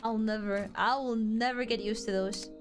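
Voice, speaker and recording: A woman's voice: fairly high pitch, fairly even intonation, normal speed, music in the background. A young adult woman streaming a game, chatting casually with her chat in a rambling, giggly way full of fillers.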